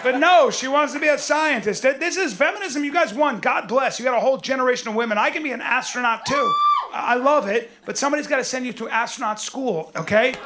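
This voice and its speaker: A middle-aged man performing a swaggering stand-up comedy set on stage, often shouting his punchlines. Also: very high-pitched, fast talker. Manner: loud, swaggering, punchy delivery with frequent shouting. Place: stage before a live audience. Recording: live show with audible audience noise.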